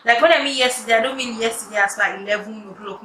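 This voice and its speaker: A woman's voice: fairly high pitch, quick pace, hardly any pauses. Chatty woman, echoey room. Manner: chatty, animated, drops to quiet asides. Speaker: wig maker vlogger. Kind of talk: casual storytelling tutorial. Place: room at home at night. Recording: echoey room, distant mic, faint noise.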